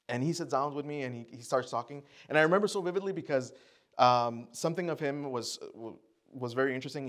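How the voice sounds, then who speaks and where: A man giving a personal testimony sermon to a church congregation. He talks conversationally and acts out his own thoughts and other people's lines. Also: mid-range voice. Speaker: guest speaker at church.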